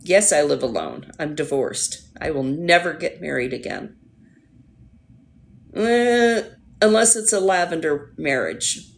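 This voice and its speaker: Hoarse woman chatting slowly on a livestream. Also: deep voice, animated. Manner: rambling, chatty, talks to her pet. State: hoarse, voice going. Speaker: livestream host. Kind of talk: casual chat with viewers. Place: at home.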